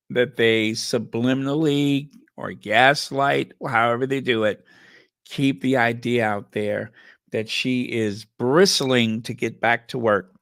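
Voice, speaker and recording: A man's voice: mid-range voice, a bit bright, dry recording, clean studio sound. A man hosting sarcastic gossip commentary, drawing out his words with sardonic emphasis and reading headlines and viewer comments aloud. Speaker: commentary channel host.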